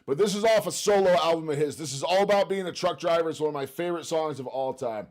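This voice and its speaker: A man's voice: on the high side, fast, background noise. A man from the United States hosting a casual live stream, chatting with viewers by name, laughing often as he reacts to music. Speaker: streamer host.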